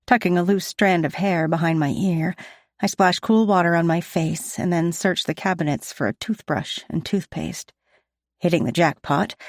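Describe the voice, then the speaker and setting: A woman narrating a first-person audiobook in a steady, even storytelling manner on a close studio mic. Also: on the low side, no echo.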